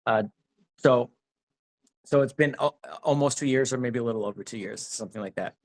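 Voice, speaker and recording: A man's voice: medium pitch, fairly quick. A man being interviewed about his acting work, talking casually and rambling with many restarts. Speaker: actor, interview guest.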